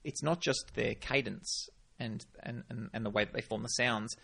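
Man, podcast co-host, gravelly low rasp, casual and playful. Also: moderate pace, bright, forceful tone. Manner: chatty, slips into playful accent impressions. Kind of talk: casual chat.

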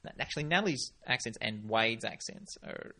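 Man, podcast co-host, gravelly low rasp, casual and playful. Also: lively intonation, a little fast, sharp tone. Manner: chatty, slips into playful accent impressions. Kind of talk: casual chat.

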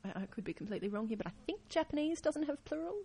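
A woman co-hosting a podcast in casual chat, quick to laugh and given to quiet asides. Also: sits high, animated. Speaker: podcast co-host.

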